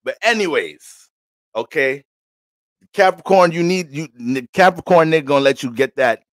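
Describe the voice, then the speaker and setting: Guy doing a casual astrology reading, slangy and rambly, a bit high voice, dry close sound. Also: expressive, moderate pace, dry recording.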